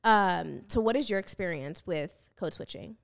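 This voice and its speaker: A woman's voice: on the low side, lively intonation, moderate pace, gravelly. An American woman hosting a podcast, chatting casually with frequent fillers and restarts. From United States. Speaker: podcast host. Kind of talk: casual chat.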